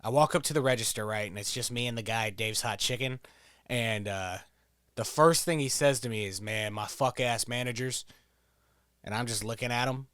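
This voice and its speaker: A man's voice: mid-range voice, brisk, fairly bright tone, no echo, clean studio sound. A man giving casual, profane, joking commentary while playing a quiz video game, rambling into stories. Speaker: gameplay streamer.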